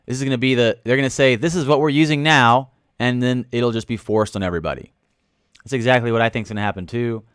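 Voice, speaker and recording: A man hosting a casual livestream, reading chat comments aloud, joking with viewers and breaking into loud sudden outbursts. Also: mid-range voice, fast talker, clear, resonant tone, dry recording, studio quality. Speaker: livestream host. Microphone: studio microphone.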